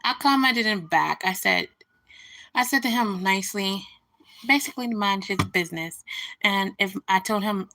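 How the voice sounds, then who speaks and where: A woman's voice: medium pitch, normal speed, sharp tone. A woman hosting a casual livestream, venting indignantly about a rude comment and greeting viewers as she goes. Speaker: livestream host.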